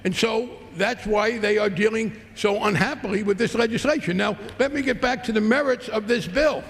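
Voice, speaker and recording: In a big legislative chamber whose long reverb fills the recording, a congressman fires back with a combative, sarcastic rebuttal during floor debate. He has a high, slightly bright voice and a moderate pace.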